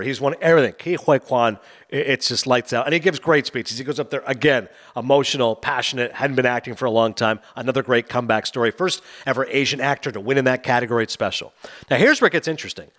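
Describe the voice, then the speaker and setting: A middle-aged man hosting a casual entertainment chat, excited and animated, breaking into quoted asides. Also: mid-range voice. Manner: excited, fast, quoting with acted lines. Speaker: podcast host.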